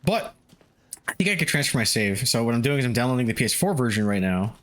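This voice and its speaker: A man's voice: mid-range voice, expressive, rapid-fire, a bit bright, slight background noise. A man casually commenting while streaming a video game, cursing and laughing often. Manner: loose, profane, laughs often.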